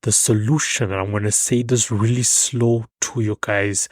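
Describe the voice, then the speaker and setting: Man, podcast host, husky voice, dry close mic, emphatic, fillers. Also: lowish voice, fairly even intonation, normal speed, hardly any pauses, no echo. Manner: loose, emphatic, with frequent fillers and restarts. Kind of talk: solo podcast commentary.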